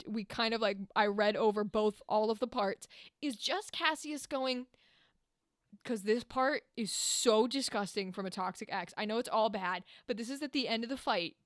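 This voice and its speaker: A young woman hosting a casual podcast, animated and swearing freely as she acts out lines in playful voices. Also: a little high, no echo, studio quality. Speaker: podcast host.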